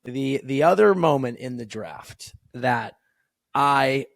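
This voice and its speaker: A man co-hosting a casual hockey podcast, telling stories excitedly. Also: medium pitch, takes it slowly, creaky, dry recording. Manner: excitable storyteller, swears casually. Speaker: podcast co-host.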